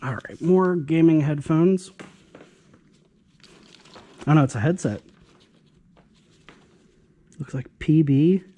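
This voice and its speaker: A man's voice: on the high side, takes it slowly, pauses often, mellow. A man casually commenting as he sorts through a storage locker's contents, with offhand, dryly sarcastic remarks and a touch of hiccups. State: has the hiccups. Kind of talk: casual commentary while sorting items.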